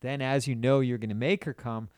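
A man's voice: mid-range voice, steady tone, fairly quick, darkish tone, clear, resonant tone, no room sound. A man hosts a casual chat, crude and blunt, giving advice like a coach. His voice sits in a middle range. The recording is dry and close, with no room sound. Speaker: podcast host.

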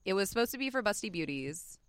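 A woman's voice: medium pitch, big pitch swings, quick pace, smooth, dry recording, studio quality. A young woman telling stories as a guest in a casual chat, laughing often and restarting her sentences.

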